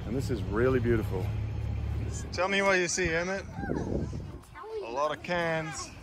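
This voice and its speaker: A man narrating a walk along city canals to the camera, teasing and animated like a tour guide. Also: fairly high pitch, normal speed. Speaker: family vlogger. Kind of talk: casual vlog narration. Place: outdoors walking by city canals. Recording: clear street noise behind.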